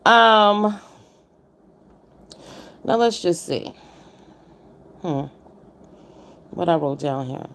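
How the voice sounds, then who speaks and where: A woman's voice: lowish voice, animated, drawn-out words, pauses often, a bit bright. A woman hosting a casual livestream, giving blunt commentary on a contest and greeting viewers by name. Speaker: livestream host reviewing a contest.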